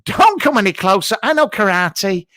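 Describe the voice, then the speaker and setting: A man's voice: high-pitched, very animated, moderate pace, sharp tone, no echo, voice pushed down, heavily acted. A man voicing a foul-mouthed, aggressive old royal woman in a comedy sketch. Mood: threatening. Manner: threatening, crude.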